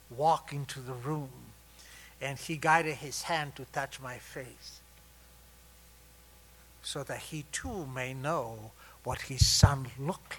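A man in his sixties sharing a personal story at a recovery meeting, with wry, self-mocking humor that turns tender and soft. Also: mid-range voice.

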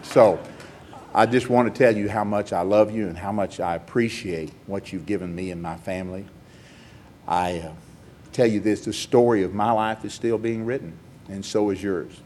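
A man's voice: on the low side, normal speed, a little mellow, slight background noise. An older man giving a personal testimony at a recovery meeting, telling stories in a rambling, heartfelt, self-mocking way.

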